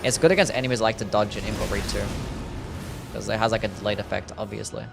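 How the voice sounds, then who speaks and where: A man with a mild Australian accent streaming a game and chatting casually with viewers in a relaxed, jokey way. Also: fairly low pitch, fast, vocal fry, music in the background. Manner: relaxed, jokey, reads and answers chat. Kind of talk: casual live-stream chat while gaming.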